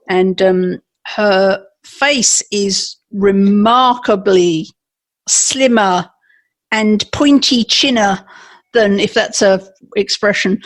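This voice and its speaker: A woman co-hosting a podcast, chatty and complimentary in casual talk, laughing often. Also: medium pitch. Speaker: podcast co-host. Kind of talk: casual chat.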